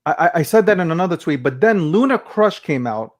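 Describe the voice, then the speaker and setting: Brash, swearing man; casual stream guest, higher-pitched voice. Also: expressive, brisk. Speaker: crypto personality guest. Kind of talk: casual livestream chat.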